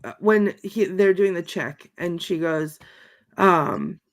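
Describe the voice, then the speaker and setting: A woman's voice: lowish voice, expressive, slow pace. A woman co-hosting a podcast, wryly rambling through her notes on a film in casual chat. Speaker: podcast co-host reviewing a film.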